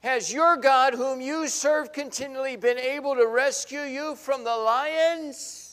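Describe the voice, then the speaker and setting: Anguished ancient king shouting in a high, strained call, as a preacher puts him on, long hall reverb. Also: unhurried, clear, resonant tone.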